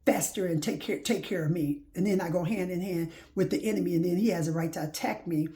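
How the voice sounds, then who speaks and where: A woman's voice: lowish voice, fast talker, warm tone. A woman preaching informally to her listeners, urging them on with repeated rhetorical questions and folksy phrasing. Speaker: faith-based motivational speaker.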